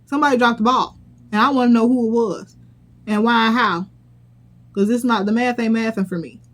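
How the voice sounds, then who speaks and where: A woman's voice: fairly high pitch, a little fast. Sassy blunt woman recapping reality TV. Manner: sassy, blunt, profane, incredulous. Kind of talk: casual commentary vlog.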